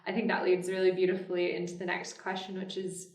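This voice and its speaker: A woman's voice: lowish voice, monotone, fast talker, a little mellow, reverberant, distant mic. A woman hosting a casual chat, affirming her guest with frequent short agreements. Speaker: host.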